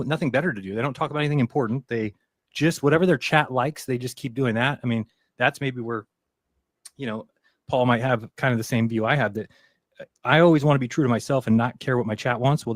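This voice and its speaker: Co-hosting a laid-back talk show, this man wanders through a story and acts out what other people said in lively voices. His pitch is medium, and there's no room sound.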